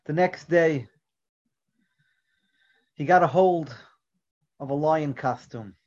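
A man delivers an earnest Torah lecture with a fairly high voice, often sinking to a quiet, soft delivery as he makes a point. The recording is dull and lo-fi, with little crispness. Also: slow pace. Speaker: Torah teacher. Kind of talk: religious lecture with storytelling.

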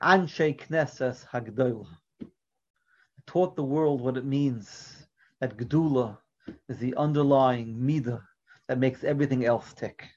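A man giving an earnest religious lecture, often dropping to a quiet, soft delivery, and weaving in a story. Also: mid-range voice, unhurried. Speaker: Torah teacher. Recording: dull lo-fi recording.

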